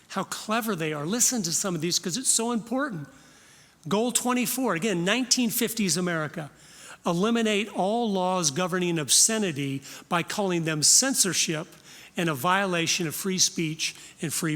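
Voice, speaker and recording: A man's voice: high voice, fairly bright tone, in a large hall. A man in his fifties, from Florida, giving an earnest, direct talk at a Christian conference. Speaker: conference speaker.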